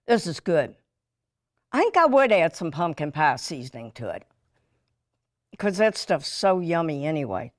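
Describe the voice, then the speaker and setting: A woman's voice: on the low side, very animated, moderate pace, no room sound. A middle-aged woman hosting a TV cooking demonstration, chatty and folksy, joking as she works in a studio kitchen. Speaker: TV cooking show host.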